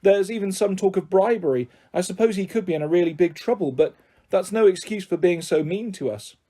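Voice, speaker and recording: A timid young mother, voiced by a male storyteller, who speaks shakily and hesitantly. Her voice is mellow and a bit raised. She sounds close to tears. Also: high-pitched, fairly quick, voice pushed up. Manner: hesitant, shaky.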